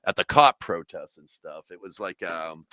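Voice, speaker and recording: A man's voice: sits low, animated, moderate pace, no room sound. A man from Massachusetts, a comedian and musician, telling rambling, profane stories on a casual podcast. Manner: rambling, profane storytelling, bursts into loud singing.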